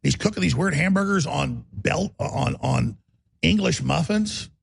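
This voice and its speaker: A man hosting talk radio in a relentless, bellowing rant. His voice is heavily gravelly and husky, sits a little high, and lurches between pitches with great animation. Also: expressive, a little slow. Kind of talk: ranting talk radio monologue.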